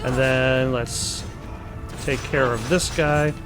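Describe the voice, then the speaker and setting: A man's voice: medium pitch, fairly even intonation, takes it slowly, music in the background. A young man, out of breath, rambling through casual gameplay commentary with many ums and uhs. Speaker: let's play host.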